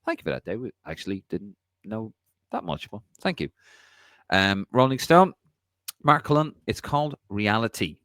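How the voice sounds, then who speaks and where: A man's voice: fairly low pitch, big pitch swings, normal speed, a bit bright, no echo, clean studio sound. A man hosting a podcast, chatting casually and laughing as he reads out viewer comments. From Ireland.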